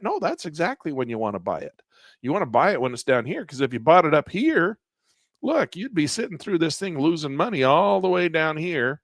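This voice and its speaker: A man teaching a live online trading class in a casual, folksy way, losing his voice and clearing his throat often, with quick asides that act out what traders think. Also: on the high side, very animated, no room sound, studio quality. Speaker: trading instructor. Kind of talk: live online class, walking through charts.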